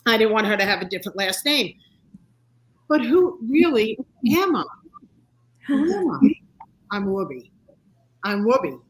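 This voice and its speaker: A woman in her sixties, a talk-show guest telling personal stories in an animated, motivational way. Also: on the high side, moderate pace, pauses often, poor audio. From United States. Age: 60s. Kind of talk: casual interview chat.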